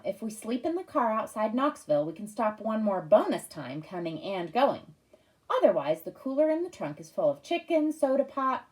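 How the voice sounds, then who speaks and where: A woman's voice: medium pitch, darkish tone, close to an everyday voice. A woman doing an orderly planning mother. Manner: brisk, orderly, explaining. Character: organized mother reading out her plans.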